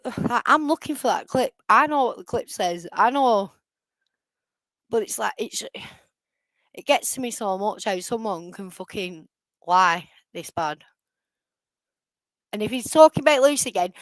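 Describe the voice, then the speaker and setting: A woman's voice: mid-range voice, animated, measured pace, no echo, poor audio. A woman on a live stream, ranting angrily and swearing heavily as she reacts to a clip. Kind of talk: angry live-stream rant.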